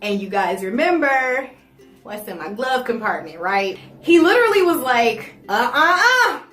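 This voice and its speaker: A young woman telling a personal story for her vlog, animated and swearing freely. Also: a little high, normal speed. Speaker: vlogger. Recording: roomy echo, faint music.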